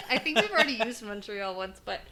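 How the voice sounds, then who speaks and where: A woman co-hosting a podcast in casual chat, chatty and giggly, drifting into quick tangents. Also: fairly high pitch, big pitch swings, pushed and bright. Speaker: podcast co-host.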